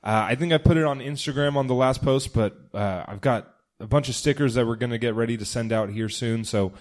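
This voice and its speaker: A man's voice: mid-range voice, a little fast. A man hosting a casual comedy podcast, joking and ribbing his guests with frequent laughter. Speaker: podcast host.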